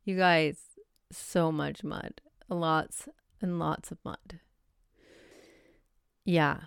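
A woman's voice: low-pitched, steady tone, extremely slow, vocal fry, clean tone, no room sound, studio quality. A woman hosting a solo podcast, talking casually, laughing often and acting out her own self-talk. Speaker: podcast host.

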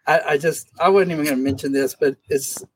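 A man teaching a casual Bible study discussion, animated and acting out scenes from the text. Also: a little high, a little fast, a little hiss or hum. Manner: animated, acts out scripture scenes in voices. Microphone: camera mic.

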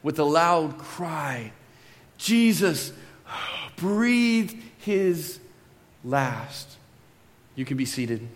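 A man in his thirties preaching a sermon as pastor, reading scripture dramatically with emphatic swells and drawn-out phrases, then telling a relaxed story with asides to the congregation. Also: on the high side. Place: church sanctuary. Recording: long hall reverb.

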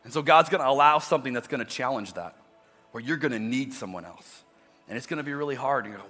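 Male pastor, conversational sermon, repeats words as he restarts, bright voice, large hall. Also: medium pitch, animated, fast talker. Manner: conversational preaching with frequent restarts. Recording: long reverb with faint music.

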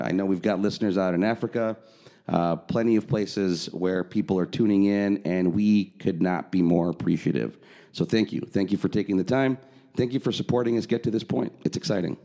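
A man's voice: low voice, mellow. A man co-hosting a casual podcast, talking loosely with fillers and easy laughter. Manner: conversational, frequent fillers, laughs easily. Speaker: podcast co-host.

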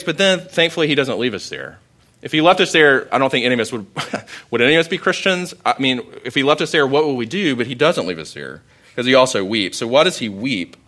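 Young guy preaching, bright clear voice, chatty storytelling with lots of emphasis. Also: medium pitch. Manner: conversational storytelling, animated emphasis. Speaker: pastor. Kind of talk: sermon.

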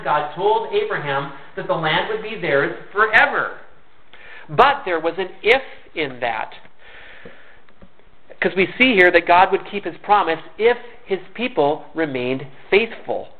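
A man preaching a sermon in an earnest, conversational way, often restarting his words. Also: high-pitched. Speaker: pastor. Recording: tinny phone-like sound.

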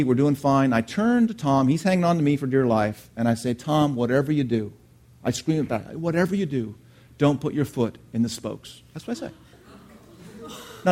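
A middle-aged male pastor preaching in an animated storytelling way. He turns to the congregation with questions and keeps the talk conversational, at an ordinary pitch for a man. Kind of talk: sermon with personal story.

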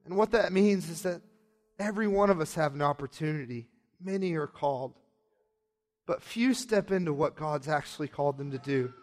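A man preaching a sermon and telling a personal testimony, passionate, moving between hushed moments and excited shouts. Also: fairly high pitch, normal speed.

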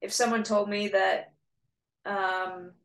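A woman's voice: medium pitch, flat delivery, slow. A woman co-hosting a podcast in casual chat, thinking things through aloud in a reflective, agreeable way. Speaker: podcast co-host. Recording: echoey room.

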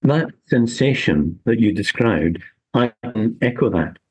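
An older man, a local historian telling history in a measured, unhurried way during an interview. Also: on the low side, lively intonation, slightly rough, poor audio. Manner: measured, unhurried storytelling with small restarts. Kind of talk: relaxed storytelling interview.

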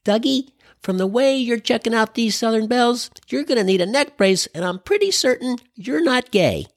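A man's voice: very high voice, animated, moderate pace, voice pushed up. A man doing a wry, blunt mom. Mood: teasing. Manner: dry teasing. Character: wry middle-aged mother, blunt and joking.

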